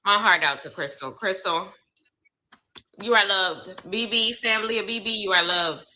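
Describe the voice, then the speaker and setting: A woman's voice: mid-range voice, moderate pace, sharp tone, low-quality recording. A young woman giving live reaction commentary on reality TV, exclaiming and talking to her viewers in casual slang.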